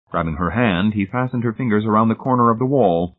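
A man reading a suspenseful story aloud in a measured, scripted narration, heard over a tinny, phone-like recording. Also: on the low side. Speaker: audiobook narrator.

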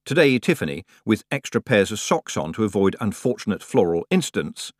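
A man narrating a story in a scripted, expressive storytelling delivery. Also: fairly low pitch, a little fast, no echo, studio quality. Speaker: audiobook narrator.

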